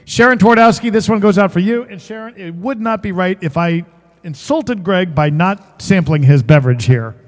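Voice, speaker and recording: Chatty music-stream host, a man with a high voice and a guitar behind him, some hall reverb. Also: normal speed. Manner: chatty, joking, greets viewers by name. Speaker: musician and livestream show host. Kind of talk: casual chat with viewers.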